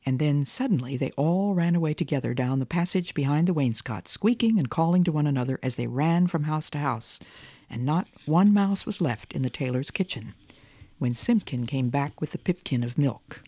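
A woman radio host reading a children's story aloud in a gentle, measured way. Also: sits low, animated, dry recording.

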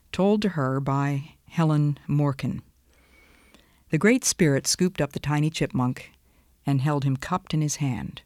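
A woman giving an earnest, expressive devotional talk, dropping now and then into soft whispers. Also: deep voice, no echo, studio quality. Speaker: devotional speaker.

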